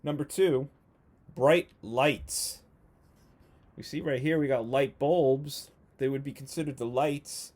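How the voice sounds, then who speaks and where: A man's voice: medium pitch, a little mellow. Patient male first grade teacher. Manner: slow, patient, encouraging, stretches out words. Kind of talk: remote video lesson for young children.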